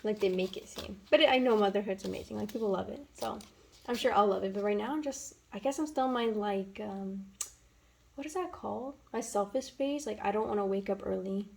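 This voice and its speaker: Casting: young woman, gravelly fry, chatty cash-counting vlogger, faint hiss behind. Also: mid-range voice, fairly quick, a little mellow, rough recording. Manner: chatty, counts bills aloud, filler-heavy. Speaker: budgeting vlogger. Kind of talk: casual chat while counting cash.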